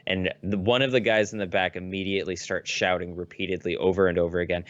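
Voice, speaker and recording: A man co-hosting a podcast in casual chat, swearing a lot and getting excitable as he tells stories. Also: on the low side, fast talker, no room sound, highs cut off. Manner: profane, excitable storyteller. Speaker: podcast co-host.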